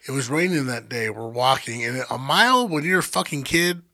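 A man's voice: mid-range voice, animated, fairly quick, sharp tone. An adult man telling a long, profane childhood story in casual chat, full of fillers like "you know what I'm saying.". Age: adult, grew up in the nineties.

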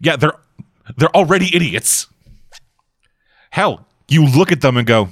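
A man chats through a film in casual commentary, rambling and leaning on filler words. His pitch is mid-range but moves around a lot. The recording is dry, with no room sound. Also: expressive, unhurried, breathy edge, no echo. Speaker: co-host reacting to a film. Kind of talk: casual watch-along commentary.

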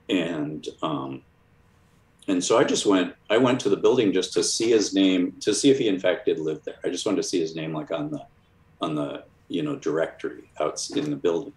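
A man from Chicago, a cartoonist guest, telling casual rambling stories full of fillers and restarts. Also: deep voice. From Chicago, USA. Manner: rambling, many fillers and restarts, lively quoted voices. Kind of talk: casual storytelling. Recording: roomy echo.

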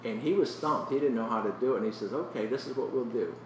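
A man's voice: mid-range voice, fast talker, echoey room, recorded from a distance, a little hiss or hum, poor audio. Earnest man telling his testimony. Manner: earnest storytelling, often drops to a soft, emotional voice. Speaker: guest sharing his testimony. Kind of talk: personal testimony in a Christian interview.

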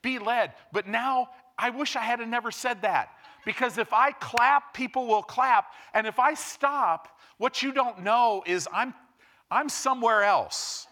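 Bright-voiced, impassioned male pastor. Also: extremely high pitch, measured pace. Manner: impassioned, rises to loud emphatic preaching. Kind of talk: sermon.

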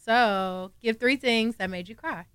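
A woman guest with a fairly high, smooth, clear voice, recorded dry and close. She reads questions in an easygoing, amused way. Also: measured pace, fairly bright tone, no echo. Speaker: podcast guest reading questions. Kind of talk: casual podcast banter.

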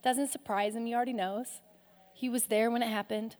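A woman pastor preaching a sermon, passionate, swinging from loud rises to soft, hushed drops. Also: a little high, steady tone, a little fast. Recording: long hall reverb.

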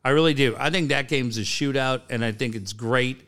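A man co-hosts a radio show, slipping from casual chat into sponsor reads. His voice is smooth and clear at a middle pitch. He tells stories with easy profanity. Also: fairly quick, a bit bright. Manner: storytelling, swears casually.

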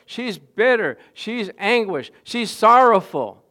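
A middle-aged man preaches with animated energy, rising from hushed asides to loud, emphatic declarations. His voice sits a touch higher than most men's, and he keeps putting questions to his listeners. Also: unhurried, few pauses. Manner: animated preaching, swinging from quiet to loud, asks the congregation questions. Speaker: pastor. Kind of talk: sermon.

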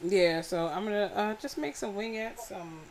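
A woman's voice: medium pitch, expressive, normal speed, a crowd in the background. A woman co-hosting a show, blunt and teasing, laughing and cursing as she banters. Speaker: co-host. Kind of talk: casual banter with a caller.

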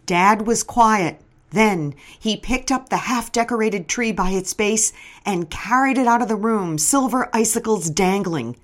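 A woman's voice: medium pitch, measured pace. A middle-aged woman narrating her memoir in a wry, storytelling manner.

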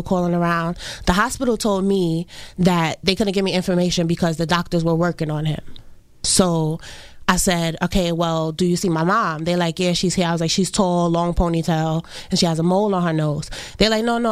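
A young woman, recounting a personal loss in an interview, halting and full of restarts. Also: on the low side, dry recording. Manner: halting, many fillers and restarts. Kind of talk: emotional personal account.

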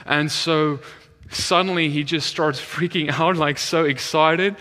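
A male minister tells his testimony in a lively storytelling sermon, and his voice turns quiet when he retells prayers. His tone is bright and forceful. The sound carries a long reverb from a large hall. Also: on the high side, unhurried.

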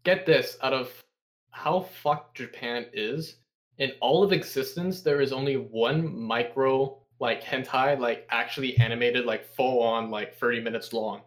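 A man's voice: mid-range voice, unhurried. Profane, sarcastic young man. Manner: sarcastic, swears constantly, animated impressions. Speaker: podcast guest. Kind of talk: casual profane storytelling.

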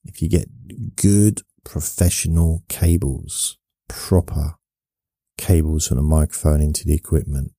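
Guy rambling softly for a sleep podcast, dark husky voice, dry close sound. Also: rumbling low, steady tone, measured pace, dry recording. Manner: softly spoken, meandering. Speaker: podcast host.

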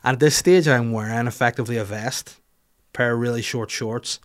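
A man with a Northern Irish accent, hosting a podcast and telling an animated, sweary, self-mocking story in casual chat. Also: mid-range voice, brisk.

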